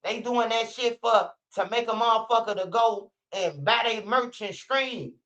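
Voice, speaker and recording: A man's voice: very high voice, moderate pace, pushed and bright. A man from Chicago with a Chicago accent, hosting a livestream and giving blunt, profane street-talk commentary. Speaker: livestream host. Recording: muffled lo-fi stream audio.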